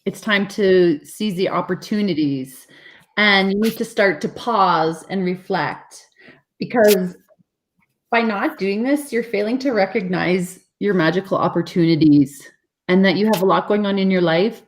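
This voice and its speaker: A woman's voice: mid-range voice, a little slow, low-quality recording. Earnest woman giving a spiritual reading. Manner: earnest, repetitive, encouraging phrasing. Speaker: co-reader giving card messages.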